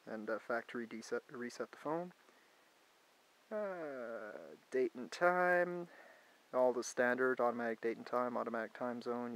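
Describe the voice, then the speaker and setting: A Canadian man with a middle-of-the-road pitch talks through a gadget's settings in an easygoing, unscripted way. He wanders into side remarks and drops the odd dry, sarcastic quip. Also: rough recording. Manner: chatty, digressive, mildly sarcastic asides. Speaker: tech reviewer. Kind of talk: casual product review walkthrough.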